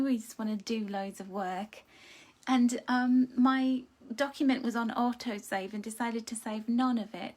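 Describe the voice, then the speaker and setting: A woman hosting a live card-reading stream from home, chatting casually and greeting viewers with endearments like darling. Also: a little high. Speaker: card reader hosting a livestream. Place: home room.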